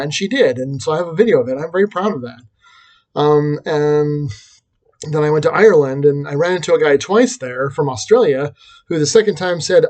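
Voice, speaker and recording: A man's voice: on the high side, brisk, a little mellow. A man talking through a reflective personal vlog, rambling and self-deprecating, with frequent restarts. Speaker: vlogger and teacher.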